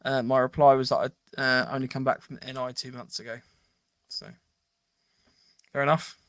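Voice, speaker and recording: A man's voice: medium pitch, little pitch movement, moderate pace, fairly bright tone, no room sound. A man co-hosting a podcast, chatting casually and reading listener comments aloud, laughing easily. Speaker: podcast co-host.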